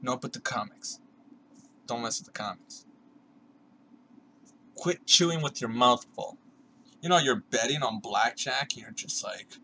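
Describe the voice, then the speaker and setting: A young man with a bright, forceful voice rants casually to the camera, sarcastic and full of swearing. He slips into mimicking other people's voices mid-rant. Faint ambient noise sits under the recording. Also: mid-range voice, unhurried, long pauses, low-quality recording. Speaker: vlogger.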